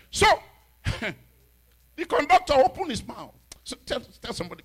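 A man preaching a sermon, telling stories in an animated way and building into shouted declarations. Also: very high voice, moderate pace. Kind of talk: storytelling sermon, rising into shouted exhortation.

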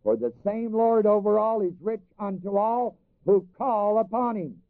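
This preacher's high voice is animated and a little slow. He reads scripture in archaic King James language, explains it, repeats phrases for emphasis, and has the congregation complete his lines, all in a dry, phone-like recording with no room sound.

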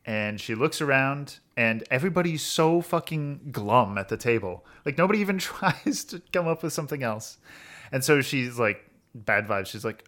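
A male podcast co-host rambling through a long summary, stacking up "uh"s and "like"s and breaking into laughs. His voice is bright and forceful, at an average pitch for a man. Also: lively intonation, moderate pace. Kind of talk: casual podcast chat.

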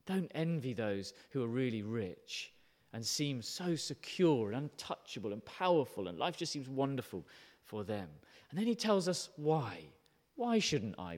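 Man preaching in an echoing hall. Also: mid-range voice. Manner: animated, emphatic, quick to question the listeners. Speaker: pastor. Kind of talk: sermon.

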